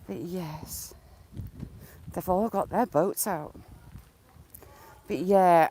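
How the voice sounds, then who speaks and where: A woman's voice: lowish voice, takes it slowly, pauses often, mellow, a little hiss or hum, rough recording. A woman live-streaming on a phone while walking beside a lake, chatting and making teasing, sarcastic remarks. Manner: chatty and teasingly sarcastic, greeting viewers by name. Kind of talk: casual live-stream chat.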